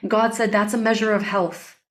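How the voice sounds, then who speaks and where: A breathwork facilitator appears as a guest in an interview, explaining ideas earnestly in a fairly high voice with little pitch movement and a moderate pace. Her talk is reflective; she often checks in with "right?" and quotes Hebrew prayers.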